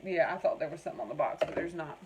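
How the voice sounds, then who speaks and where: A woman's voice: sits low, animated, rapid-fire, over music, low-quality recording. A woman with a Southern American accent hosting a craft livestream, chatting in a folksy way and answering viewer comments by name. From North Carolina. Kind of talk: casual livestream chat reading viewer comments.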